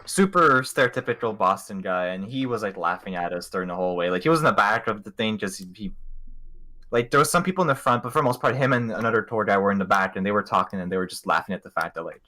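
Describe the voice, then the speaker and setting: Bright-voiced young man telling stories. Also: fairly low pitch, expressive, fast talker. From Montreal, Canada. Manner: rambling, profane, jokey. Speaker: podcast host. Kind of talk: casual storytelling chat.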